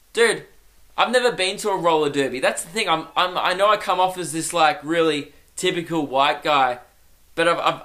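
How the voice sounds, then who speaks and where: A man's voice: on the high side, sharp tone. A young man hosting a solo comedy podcast, rambling and self-mocking and laughing at his own jokes.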